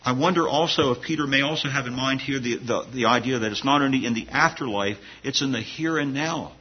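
A man's voice: medium pitch, brisk, slightly rough, highs cut off. A man preaching a sermon to his congregation in an earnest, conversational way, often restarting his phrases. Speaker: pastor.

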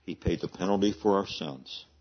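A man's voice: sits low, moderate pace, breathy edge, highs cut off. A man in his seventies preaching a sermon in a conversational, storytelling way, often restarting phrases and laughing. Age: 70s. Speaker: pastor.

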